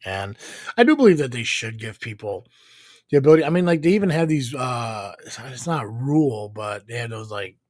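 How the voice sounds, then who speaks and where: A man co-hosts a casual live podcast, rambling, swearing, and using lots of fillers. His medium-pitched voice is animated and brisk with a darkish tone, captured in a dry, clean studio recording.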